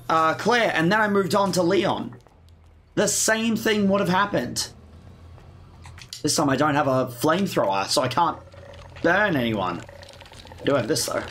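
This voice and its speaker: Male let's-play commentator, higher voice, dry sarcasm, swears freely. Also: fairly bright tone, a little hiss or hum. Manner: sarcastic, self-mocking, swearing. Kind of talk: casual gameplay commentary.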